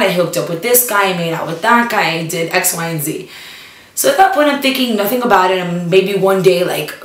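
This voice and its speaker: A woman's voice: lowish voice, fairly bright tone. A young woman from the Miami area telling a personal story in a casual, chatty way, full of "like". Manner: chatty, lots of "like", switches into Spanish for quotes. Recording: roomy sound, distant from the mic.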